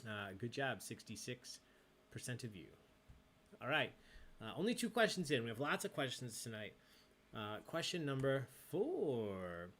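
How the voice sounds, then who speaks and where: A man hosts a live trivia night with a bright, forceful voice. He reads questions and answer tallies in a playful, chatty way and jokes with the players between questions. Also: medium pitch, sing-song, a little slow. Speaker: trivia host. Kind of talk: live-streamed trivia hosting.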